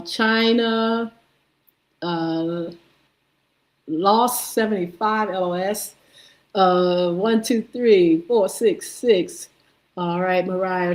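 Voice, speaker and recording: A woman hosting a live morning stream, slowly reading out and greeting viewers by name, sounding out names as she goes. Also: medium pitch, darkish tone, low-quality recording. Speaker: host. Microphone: streaming setup.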